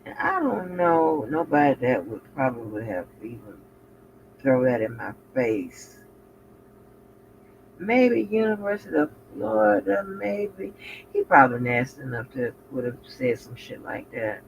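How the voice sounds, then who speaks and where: A woman hosting a reaction commentary channel, profane and animated, talking back at the clips she plays. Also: very deep voice, unhurried, creaky. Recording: muffled with faint background noise.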